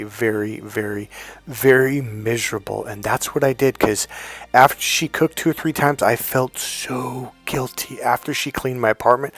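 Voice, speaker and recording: A man coaching on dating, telling a personal story in a lively way and raising his voice high to quote his girlfriend. Faint music plays behind him. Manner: animated storyteller, high-pitched when quoting his girlfriend. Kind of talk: storytelling monologue.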